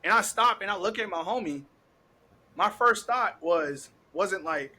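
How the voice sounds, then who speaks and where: A young man hosting a podcast, telling a story in a casual, animated way, laughing often and acting out what people said. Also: high voice, moderate pace, rough recording. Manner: animated, laughing, heavy cursing, acts out quotes. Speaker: podcast host.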